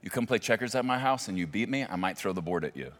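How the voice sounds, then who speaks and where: A man's voice: lowish voice, expressive, quick pace, fairly bright tone. A male pastor preaching a sermon with emphatic delivery and joking asides.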